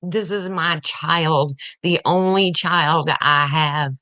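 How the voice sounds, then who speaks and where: A woman's voice: low voice, fairly even intonation, takes it slowly, pushed and bright, no echo. A middle-aged woman venting about her family in an emotional personal rant, blunt and heated, tearful at times. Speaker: parent venting online. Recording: dull lo-fi sound, dry.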